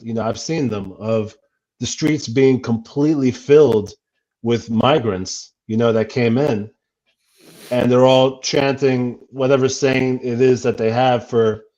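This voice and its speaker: A man's voice: medium pitch, dark tone. A man talking earnestly as a guest in a casual livestream chat, with many restarts. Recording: dull lo-fi audio.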